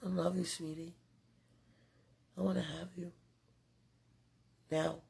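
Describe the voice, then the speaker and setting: A woman's voice: on the low side, level tone, takes it slowly, vocal fry, darkish tone, husky. A woman recording a rambling, affectionate spoken message to a loved one, laughing often between her thoughts.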